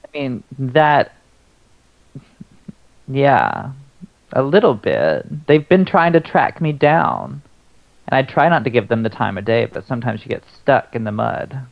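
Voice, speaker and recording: A man's voice: mid-range voice, big pitch swings, measured pace, creaky, long pauses, dull audio. A man playing a tabletop game, talking in a casual, wry and slightly unsure way. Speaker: player. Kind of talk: tabletop role-play, casual.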